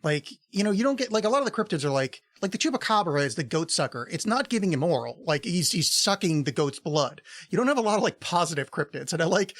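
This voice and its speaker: Middle-aged guy cohosting a podcast, kinda high voice, swears a lot, laughs at his own stories. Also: big pitch swings, fast, few pauses, fairly bright tone, no echo. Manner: rambling storyteller, laughs often, swears freely. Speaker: podcast co-host. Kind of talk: casual chat.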